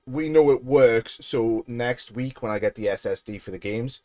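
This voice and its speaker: A man's voice: medium pitch, moderate pace, dark tone, no room sound. A British man casually chatting on a live stream while building a PC, rambling and joking at his own expense. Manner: joking, rambling, self-deprecating.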